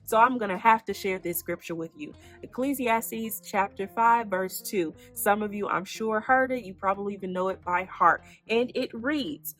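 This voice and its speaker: A woman hosting a faith-based self-help podcast who teaches in an animated way, asking the listener questions and then answering them herself. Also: mid-range voice, moderate pace, hardly any pauses, dry recording, soft background music. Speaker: podcast host.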